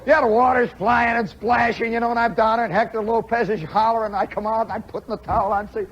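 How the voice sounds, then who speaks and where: A man from the Chicago area telling a story live on the radio, animated and conversational, with frequent "see?" and "you know" asides, from a muffled 1960s broadcast recording. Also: high-pitched, fast, a little hiss or hum.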